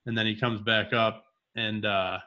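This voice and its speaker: A man with a low, bright, forceful voice tells a hunting story in a relaxed conversation. He acts out the quoted back-and-forth of the people in it. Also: unhurried, muffled recording. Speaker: podcast co-host. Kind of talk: casual storytelling chat.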